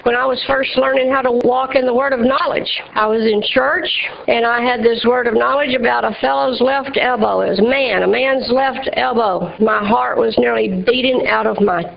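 A woman's voice: a little high, steady tone, moderate pace, vocal fry, hardly any pauses. A woman preaching a sermon in an emphatic, rhythmic style, speaking to a responding congregation. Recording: dull lo-fi church recording.

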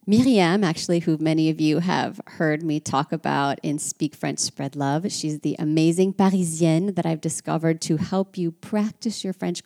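An American woman talks through a casual lesson in a chatty, reflective way. Her voice sits low, with a gravelly fry and a mellow, dark tone. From United States. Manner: chatty and reflective, with frequent asides. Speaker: French language and culture teacher. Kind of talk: casual teaching monologue.

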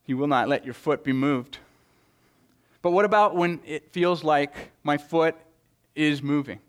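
A man preaching a sermon in an earnest way, often repeating words as he goes and reading scripture with dramatic swings of pitch and loudness. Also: measured pace. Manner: earnest preaching with frequent word repetitions. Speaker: pastor.

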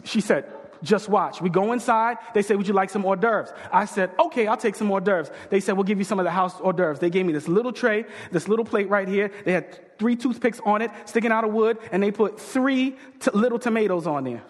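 A man's voice: sits high, fairly quick. A pastor telling a story in his sermon, acting out the voices of the people in it. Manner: animated, acts out quoted voices. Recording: long hall reverb.

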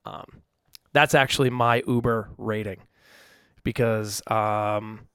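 Gravelly man hosting a solo podcast. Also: on the low side, steady tone, slow, a bit bright, dry recording, studio quality. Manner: rambling, self-deprecating, chatty asides. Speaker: podcast host. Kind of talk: casual solo podcast chat. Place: alone in his room. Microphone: studio microphone.

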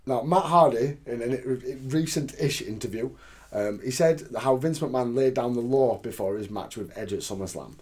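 A man co-hosting a casual podcast, his voice sitting in an ordinary middle pitch. He tells stories with energy, swears freely and laughs easily. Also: normal speed, slightly rough. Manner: animated storyteller, swearing, laughing often. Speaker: podcast co-host. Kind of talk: casual chat.

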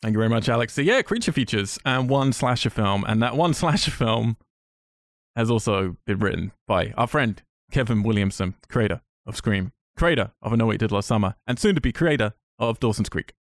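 A man's voice: on the low side, expressive, a little fast, dry recording, clean studio sound. A man co-hosting a podcast, chatting about films with enthusiasm and a rambling, restarting way of talking. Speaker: podcast co-host. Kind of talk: casual film chat.

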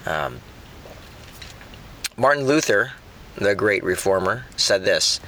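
A man's voice: lowish voice, expressive, takes it slowly, pauses often, bright, forceful tone. A middle-aged man preaching a sermon in a conversational way, often repeating words while he thinks. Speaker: pastor.

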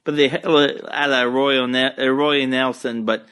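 The young podcast host's voice is medium-pitched, smooth and steady, slow-paced and fairly bright, with an Acadian French accent. He's from Moncton, New Brunswick, in eastern Canada, and talks alone from his home couch in an easygoing, rambling, crude and profane manner.

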